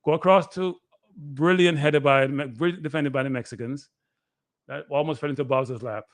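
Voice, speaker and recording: A man, a guest analyst giving excitable live play-by-play commentary on a match he is watching. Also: a little high, a little fast, no echo. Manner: excitable, play-by-play that bursts into shouting.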